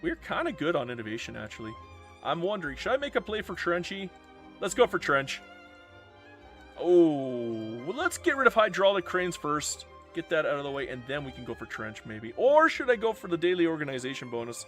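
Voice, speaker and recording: A man's voice: on the high side, sing-song, moderate pace, fairly bright tone, soft background music. A man streaming live gameplay commentary, dramatic and self-mocking, swearing freely. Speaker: game streamer.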